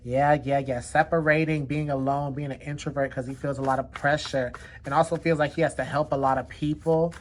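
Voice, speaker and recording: A woman's voice: deep voice, fairly even intonation, a little fast, a little hiss or hum. A woman hosting a casual card reading, chatty and leaning on the word "definitely" again and again. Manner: chatty, repeats "definitely" often. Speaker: tarot card reader.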